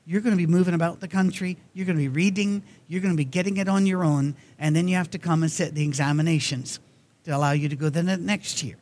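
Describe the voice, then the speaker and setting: Man, preacher, sermon, conversational storytelling, higher-pitched voice. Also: fairly even intonation, quick pace, darkish tone. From Scotland. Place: church.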